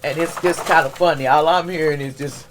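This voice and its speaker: Woman reading tarot for her channel: loose, chatty, easy laughter, a bit low in pitch. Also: steady tone, brisk, very noisy. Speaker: tarot reader. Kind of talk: casual weekly reading vlog.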